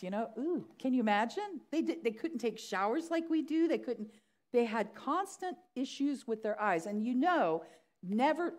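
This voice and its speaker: A middle-aged woman pastor preaching a sermon, acting out the story's voices with animation. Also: a little high.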